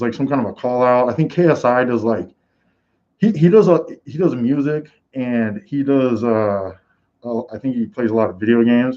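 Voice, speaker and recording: A man's voice: mid-range voice, darkish tone, highs cut off. A man hosting a live combat sports reaction stream, talking in a casual, rambling way with lots of fillers. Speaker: host.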